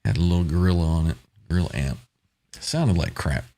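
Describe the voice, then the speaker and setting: A man's voice: sits low, brisk, mellow. A man hosting a casual live stream, reading out viewer comments and chatting with guests. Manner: reads viewer comments aloud, laughs often. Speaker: host reading live chat.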